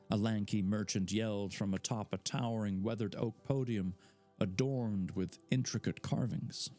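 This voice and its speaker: A man's voice: on the low side, steady tone, moderate pace, a little mellow, faint music behind. A man reading a fantasy novel aloud live, narrating with casual asides. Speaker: audiobook reader.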